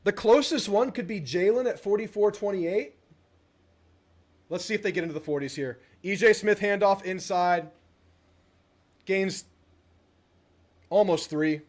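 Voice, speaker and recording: A man hosting a live watch party, excitedly reading names from the chat. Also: high voice. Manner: rapid-fire reading of chat names, hyped. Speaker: livestream host. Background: loud music playing.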